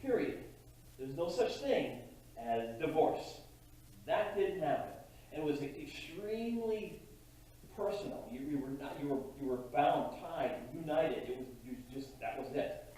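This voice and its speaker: Animated pastor in an echoey church. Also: male voice, medium pitch, a little hiss or hum. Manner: conversational, halting preaching with frequent restarts. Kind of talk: sermon. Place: church sanctuary. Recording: distant mic in a very echoey church hall.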